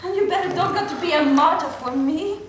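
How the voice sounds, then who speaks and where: A woman's voice: very high voice, a little fast. An actress playing a young immigrant woman who scolds and teases her sweetheart in broken English, in a live stage play. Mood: scolding tenderly. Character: young immigrant woman, sweetheart, sharp-tongued but tender. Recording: echoey theater recording with hiss.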